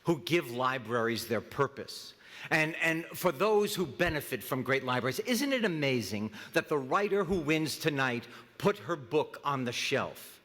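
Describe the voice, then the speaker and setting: A middle-aged man speaking as master of ceremonies at an awards event, joking with many halting restarts. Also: mid-range voice, very animated, a bit bright. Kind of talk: comic awards-ceremony emcee speech. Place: large hall at an awards ceremony. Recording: long reverb of a large hall.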